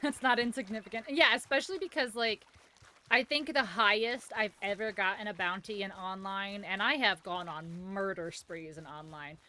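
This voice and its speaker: A woman's voice: mid-range voice, moderate pace, sharp tone. A young woman streaming a game, joking, swearing and laughing as she plays. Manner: profane, joking, laughs often. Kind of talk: live gameplay commentary.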